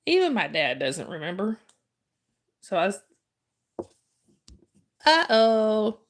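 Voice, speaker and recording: A woman with a fairly low, slightly bright voice hosts a casual livestream, telling a story and chatting with viewers. She laughs often and keeps restarting her sentences.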